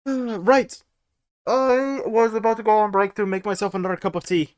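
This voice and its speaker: A man streaming a game live, chatting to viewers with frequent laughter and excitable outbursts. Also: sits high, unhurried, dry recording. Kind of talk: live gameplay commentary.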